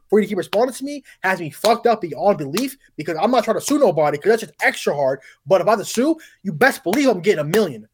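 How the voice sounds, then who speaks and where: A man's voice: high-pitched, animated, fast talker, few pauses, husky. A man telling a story in casual podcast chat, getting heated and swearing as he talks. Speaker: podcast guest.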